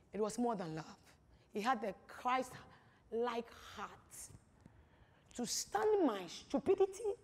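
A woman with a fairly high voice shares a personal testimony in a long-echoing hall. She talks emphatically, repeats her phrases for weight, and moves between hushed lines and loud bursts. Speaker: speaker giving a testimony. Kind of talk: personal testimony at a church-style gathering. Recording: reverberant hall.

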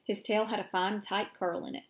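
A woman teacher reading a children's chapter book aloud to her class, steady and clear. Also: mid-range voice, normal speed.

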